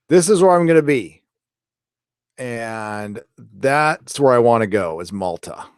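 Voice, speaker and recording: A pop culture show host with a medium-pitched voice runs a casual livestream, talking in a rambling, chatty way and cursing freely. The audio is studio quality with no echo.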